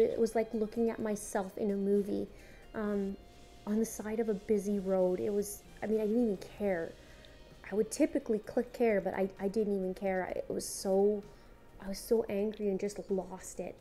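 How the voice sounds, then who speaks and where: A woman's voice: a little high, warm tone. A mother speaking earnestly and directly to her viewers, telling her own story in a conversational way with frequent halts and restarts. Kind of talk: candid personal vlog storytelling.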